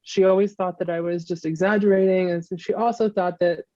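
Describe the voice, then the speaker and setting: Woman interview guest, candid and halting, warm relaxed tone, dry muffled lo-fi sound. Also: on the low side, no room sound. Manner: candid, halting, with frequent restarts. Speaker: guest, mother of the subject. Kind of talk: personal interview, recounting events. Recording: muffled lo-fi recording.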